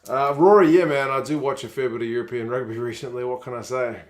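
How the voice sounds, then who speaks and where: A man's voice: medium pitch, fairly even intonation, quick pace. A man, chatting casually on a live stream while watching rugby and reading out viewer comments.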